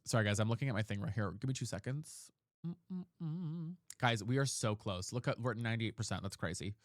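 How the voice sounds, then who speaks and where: A man's voice: medium pitch, expressive, a little fast, no echo, clean studio sound. A man chatting casually on a live game stream, dramatic and chatty, thanking viewers by name. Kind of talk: casual live-stream chat while gaming.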